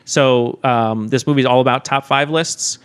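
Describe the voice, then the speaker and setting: A man's voice: medium pitch, steady tone, unhurried, smooth. A man from Chicago with a light Chicago accent, co-hosting a podcast in casual chat, rambling with lots of ums and restarts. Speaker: podcast co-host. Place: recording studio.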